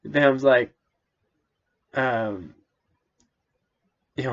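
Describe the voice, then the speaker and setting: A man's voice: medium pitch, huge pitch swings, takes it slowly, long pauses, lo-fi sound. A man reading a Bible passage aloud and commenting on it in an amused, rambling way with self-corrections.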